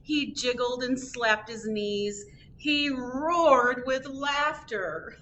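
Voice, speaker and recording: A woman reads a picture book aloud at children's storytime, unhurried and expressive. Her pace is slow and deliberate, with gentle lifts of animation, and a faint hum of noise sits behind her. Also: on the high side, low-quality recording. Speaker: librarian reading at storytime.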